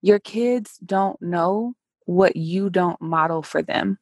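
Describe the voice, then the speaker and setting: Low, gravelly woman hosting a chat. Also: takes it slowly, dry recording, studio quality. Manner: animated, acts out quoted dialogue. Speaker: podcast host. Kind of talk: casual conversational interview. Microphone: remote call recording.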